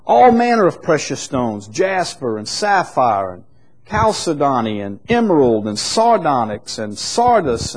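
A man preaching a sermon in an unhurried, conversational teaching manner, growing louder and higher when he reads scripture aloud. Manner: rises in pitch and volume when reading scripture aloud.

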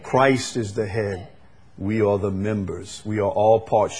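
Slow, husky preacher man. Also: fairly even intonation. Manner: slow, emphatic, with sudden loud high bursts and soft drops. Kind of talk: sermon.

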